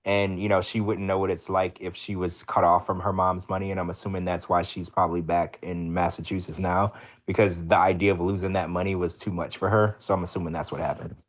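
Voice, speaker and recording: A man with a somewhat low voice talks casually as a podcast co-host. He gossips freely and calls his listeners y'all. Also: little pitch movement, fairly quick. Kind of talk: casual chat.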